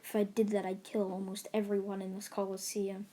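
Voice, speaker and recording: A woman voicing a calm, smug, overpowered teenage boy hero, close to her own voice. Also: mid-range voice, brisk, slight background noise, lightly acted.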